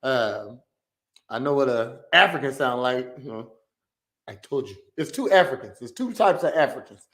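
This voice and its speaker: A man's voice: mid-range voice, very animated, normal speed, fairly bright tone. A man hosting a reaction video, talking in a blunt, slangy, rambling way. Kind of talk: casual reaction commentary.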